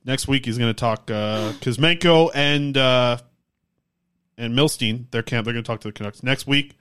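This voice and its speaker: A man co-hosting a casual sports podcast, animated and prone to ranting. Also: mid-range voice, clear, resonant tone. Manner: rapid, animated, prone to rants. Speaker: podcast co-host.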